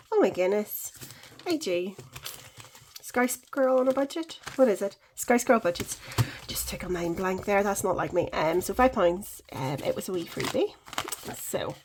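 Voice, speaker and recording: A woman's voice: medium pitch, a little mellow, slight background noise, poor audio. Chatty woman counting cash aloud. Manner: chatty, counts money aloud, self-correcting. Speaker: budgeting vlogger. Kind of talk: casual cash-stuffing vlog.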